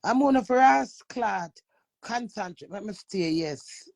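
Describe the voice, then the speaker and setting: A woman's voice: mid-range voice, animated, unhurried, gravelly, no room sound. A Jamaican woman hosting a live stream, ranting brashly, swearing, and talking back to viewers. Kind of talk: casual live-stream rant.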